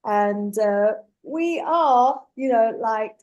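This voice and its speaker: A woman hosting a live talk show who reads audience comments and speaks with earnest, measured emphasis, calling her guests "beloved". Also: a little high, expressive, a little mellow, dull audio. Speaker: host.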